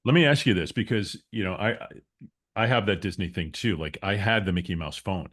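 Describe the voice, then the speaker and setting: Deep-voiced guy hosting a podcast, eager and chatty. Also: a little fast, fairly bright tone. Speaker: host. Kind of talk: interview.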